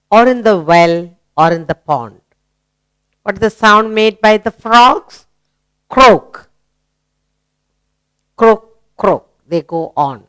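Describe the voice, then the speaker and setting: A woman's voice: mid-range voice, clean tone, no echo. A woman teaching a grammar lesson to young children, asking questions and praising answers. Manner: slow, coaxing, asks questions and praises.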